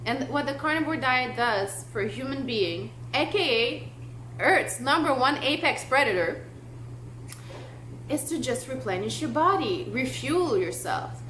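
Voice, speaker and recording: A woman's voice: high voice, animated, unhurried, a bit bright. A young woman vlogging to camera, talking in a passionate, emphatic way with lots of "like". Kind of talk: casual talk to camera. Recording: echoey room, faint noise.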